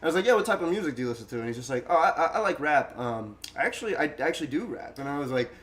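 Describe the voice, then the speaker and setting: A young man with a slightly higher voice tells a rambling story in casual podcast chat. He acts out the other people's lines in quick bursts and laughs as he goes. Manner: animated, acts out quotes, laughs often. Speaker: guest storyteller.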